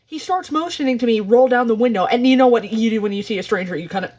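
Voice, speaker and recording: A woman's voice: on the high side, fast talker, darkish tone, slight background noise. A young woman telling a story in a casual vlog, exasperated and full of swearing. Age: young adult. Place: parked car.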